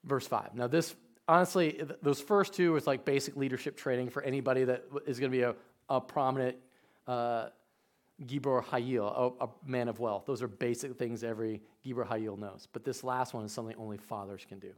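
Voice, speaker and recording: A male pastor preaching, telling personal stories, dropping to quiet asides and rising to shouted emphasis. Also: mid-range voice, fairly even intonation, a little fast. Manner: storytelling, swings from hushed asides to shouted emphasis. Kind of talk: sermon.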